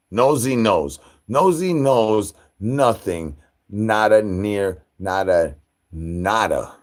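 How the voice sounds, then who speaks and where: A man's voice: sits low, a bit bright. A man hosting a livestream, rambling in goofy nonsense wordplay and chants. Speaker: livestream host.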